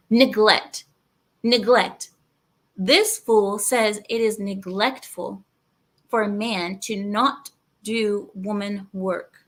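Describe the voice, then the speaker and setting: Speaking slowly and steadily at a medium pitch, this channel host delivers opinionated commentary on a clip. She lectures, repeats herself, and hammers her points home with emphasis.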